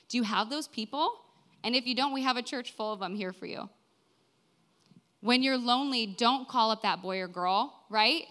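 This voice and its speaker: A young woman in her twenties preaches a sermon in a church, her voice a little high, a little fast, and bright and forward in tone. She addresses the congregation earnestly and conversationally, frequently using "right?" and "like."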